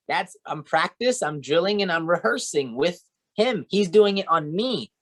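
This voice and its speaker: A man's voice: a little high, lively intonation, takes it slowly, a bit bright. A man training a sales team, coaching and encouraging, often checking in with "right?" and "okay?".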